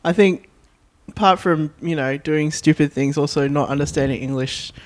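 A woman's voice: low-pitched, normal speed. A woman chatting on a podcast in a giggly, hesitant way that trails off. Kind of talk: casual chat.

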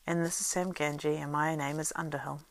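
A woman voicing a polite, cautious young male hobbit traveller, speaking in measured requests in a story reading. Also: deep voice, steady tone, dry recording.

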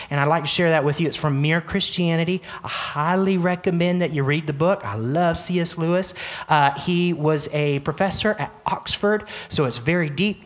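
A pastor preaching an earnest sermon, addressing the congregation directly and repeating key phrases for emphasis. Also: mid-range voice.

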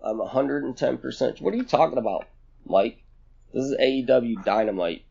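A man's voice: medium pitch, animated, brisk, gravelly, warm tone. A man co-hosting a podcast, swearing freely and rambling loosely in casual chat. His voice sits in an ordinary middle register. The recording is a bit muffled and lo-fi. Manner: profane and blunt, rambling. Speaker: podcast co-host.

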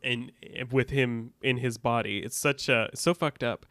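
A man's voice: mid-range voice, fairly even intonation, normal speed, a bit bright, no room sound, clean studio sound. A man co-hosting a podcast, recounting scenes casually and reading out dialogue with a bit of drama. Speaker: podcast co-host. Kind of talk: casual recap chat.

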